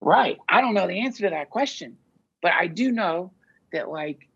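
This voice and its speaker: A man talks in loose, searching sentences, swearing freely as he thinks aloud. His voice is gravelly with a husky edge. The audio is dull and lo-fi, like a podcast recording. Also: high-pitched, lively intonation, normal speed, fairly bright tone. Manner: rambling, profane, searching. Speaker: podcast guest. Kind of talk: casual conversation.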